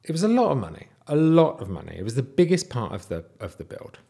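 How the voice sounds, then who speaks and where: A man in his thirties casually telling a personal story, animated, sometimes dropping to a whisper. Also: quick pace, vocal fry, breathy edge. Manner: animated, wide swings in pitch and loudness, drops to whispers.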